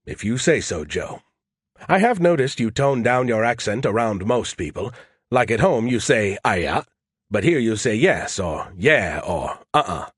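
A man's voice: medium pitch, very animated, unhurried, husky, dry recording, studio quality. A man voicing an arrogant, snarky male alien AI that talks down to humans. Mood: mocking. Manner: condescending, mocking.

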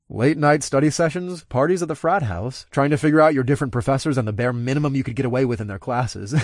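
A man giving steady, conversational first-person audiobook narration. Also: mid-range voice, breathy edge, no room sound, studio quality.

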